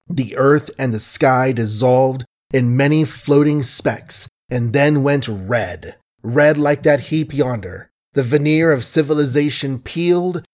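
A man's voice: mid-range voice, darkish tone. Man narrating a story with dry, wry asides. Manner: measured and wry, with asides to the listener. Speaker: audiobook narrator. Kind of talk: scripted literary narration.

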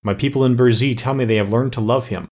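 Measured spirit king from a fairy tale; a man reads him, husky. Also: mid-range voice, steady tone, a little mellow, close to an everyday voice. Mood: calm. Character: calm male king of the rills, a water spirit.

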